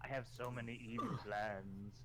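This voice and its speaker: A man's voice: medium pitch, fairly even intonation, moderate pace, background noise. A man joking with friends before a tabletop game, teasing and laughing easily. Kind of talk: casual pre-game chat.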